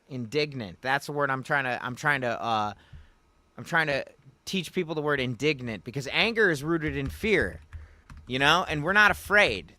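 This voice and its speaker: Bright-voiced man chatting with his stream. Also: a little high, no echo. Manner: rambling, talks to chat viewers, folksy. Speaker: livestream host. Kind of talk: casual livestream commentary. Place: Louisiana.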